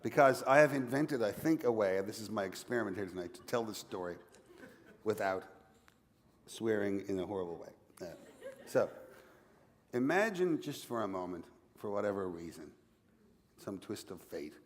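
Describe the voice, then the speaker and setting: A man's voice: on the low side, animated, normal speed, big-room sound, slight background noise. A man from Newfoundland, Canada, with a Newfoundland accent, telling a playful story on stage as an author guest at a library event.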